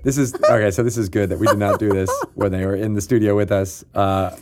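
A man hosting a podcast in the studio, chatty and quick to laugh, wrapping up with plugs for upcoming events. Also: fairly low pitch, fairly even intonation. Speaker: podcast host. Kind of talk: casual chat and show outro.

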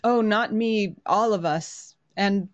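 A woman's voice: mid-range voice, slow pace, highs cut off. Chatty woman playing a tabletop game. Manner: chatty, with many fillers. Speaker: player.

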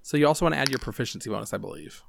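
A man narrating as game master in a tabletop game, rambling and relaxed with many fillers. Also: medium pitch, racing, creaky, a little hiss or hum.

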